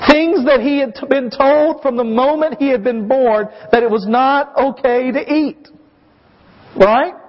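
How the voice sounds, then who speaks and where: A man in his thirties, a pastor preaching a sermon, emphatic and questioning his congregation. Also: very high-pitched. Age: 30s. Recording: dull audio with long hall reverb.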